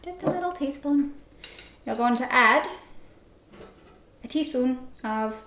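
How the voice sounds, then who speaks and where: A woman's voice: sits high, lively intonation, slow, pauses often, a bit bright. A woman chatting through a casual baking tutorial, giggling as she works in a home kitchen. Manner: chatty, giggly, talks while working. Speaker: baking vlogger. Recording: echoey kitchen with clattering dishes.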